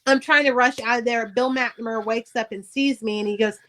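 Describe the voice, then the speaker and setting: A middle-aged woman speaks with a slightly high-pitched voice. She recounts her past in a blunt, profane, animated way and acts out each exchange. It sounds like casual talk on a podcast. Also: a little fast. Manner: candid, profane, animated retelling. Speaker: podcast guest, author. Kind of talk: casual storytelling interview.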